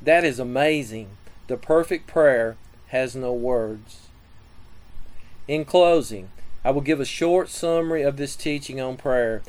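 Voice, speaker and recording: A man giving a scripted sermon teaching on prayer, reading scripture and listing numbered points in a measured way. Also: medium pitch, darkish tone, rough recording. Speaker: preacher.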